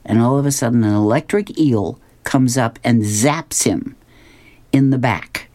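A woman's voice: rumbling low, unhurried, mellow. A woman radio host reading comic strips aloud, chuckling as she goes.

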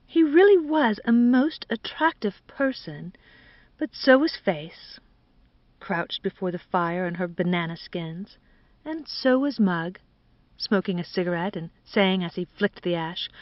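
A woman narrating a literary audiobook in an expressive, measured reading. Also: medium pitch, no room sound. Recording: dull, dry studio recording.

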